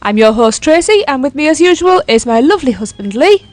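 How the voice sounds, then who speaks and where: A woman's voice: high-pitched, sing-song, a little fast. A woman hosting a casual podcast, upbeat and welcoming. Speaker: podcast host.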